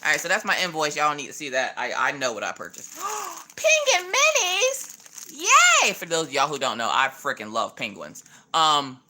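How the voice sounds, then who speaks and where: A woman's voice: rumbling low, expressive, fast, bright, forceful tone. A woman hosting a casual craft livestream, playfully greeting chat viewers by name and joking with them as she unboxes.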